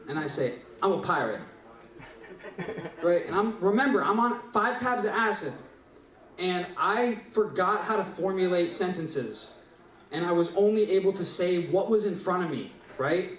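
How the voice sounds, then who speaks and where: A man's voice: high voice, unhurried. A young man at an open mic, rambling through a profane story and often tagging lines with "right?". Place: small live venue stage. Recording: echoey room, distant mic.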